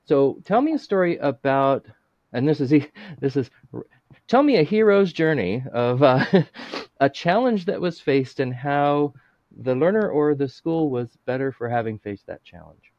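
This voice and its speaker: A man's voice: a little high, expressive, unhurried, a little mellow, no room sound, muffled recording. A man hosting an interview show, talking in a rambling, casual way with lots of fillers and chuckles over a video call. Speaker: podcast host.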